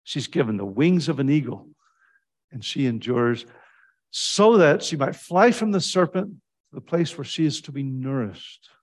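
A male preacher giving a conversational sermon, jumping high in pitch when acting out quotes and slipping in restarts and fillers. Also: a little slow. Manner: animated storytelling with sudden pitch jumps when quoting.

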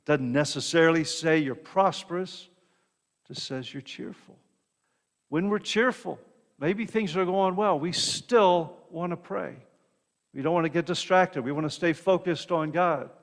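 A man's voice: fairly high pitch, unhurried. A man preaching a sermon in a conversational way, often checking in with the congregation and repeating words as he goes. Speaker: pastor. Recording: long reverb of a hall.

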